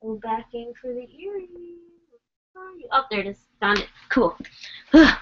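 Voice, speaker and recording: A woman's voice: on the high side, sing-song, normal speed, bright, forceful tone, a little hiss or hum. Woman vlogging while she cleans dolls, rambly and chatty, kinda muffled lo-fi audio. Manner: rambling, chatty, many fillers. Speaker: doll collector vlogger. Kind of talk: casual chat while working.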